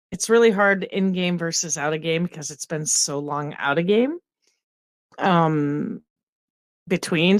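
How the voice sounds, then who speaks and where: A woman's voice: on the low side, dry recording, studio quality. A woman chatting casually as a player in a tabletop game, a little hesitant.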